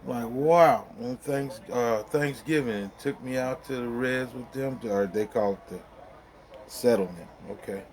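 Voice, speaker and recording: A man's voice: mid-range voice, measured pace, darkish tone. Middle-aged man, casual storyteller, rambling and colloquial, chuckles a lot. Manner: rambling, colloquial, laughs through the story, lots of fillers. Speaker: vlogger.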